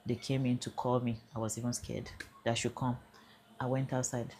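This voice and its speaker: A woman's voice: a bass voice, little pitch movement, fairly quick, a little mellow. An older Nigerian woman with a Nigerian accent earnestly recounting her own experience, slipping into Pidgin at times. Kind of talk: emotional first-person account.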